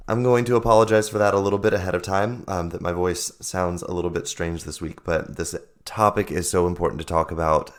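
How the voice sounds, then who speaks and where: A man hosting a solo podcast, hoarse from losing his voice, explaining ideas earnestly and repeating his points for emphasis. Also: deep voice. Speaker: podcast host and life coach.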